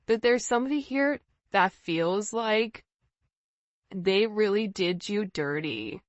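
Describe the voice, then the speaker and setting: Woman tarot reader, chatty and intuitive, middle pitch, slightly muffled recording. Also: expressive, takes it slowly, no echo. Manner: intuitive, repetitive, casual phrasing. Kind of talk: tarot reading monologue.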